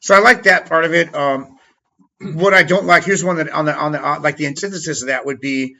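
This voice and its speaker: A man's voice: on the high side, steady tone, a little fast, vocal fry, pushed and bright. A man co-hosting a casual podcast chat who rambles, hunts for words and laughs often. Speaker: podcast co-host. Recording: dull lo-fi sound.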